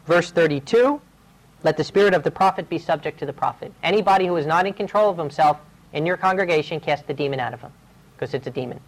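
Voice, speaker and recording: A man's voice: on the high side, fast, low-quality recording. A male preacher giving a sermon, telling his own stories in an earnest, urgent way.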